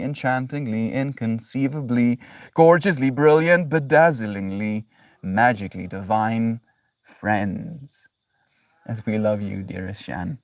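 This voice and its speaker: Male streamer, lowish voice, reflective and affectionate, dry sound a little off mic. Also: a little mellow, no echo, recorded from a distance. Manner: reflective, repeats "right?", effusive affection. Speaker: daily livestreamer. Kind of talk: casual spiritual livestream talk.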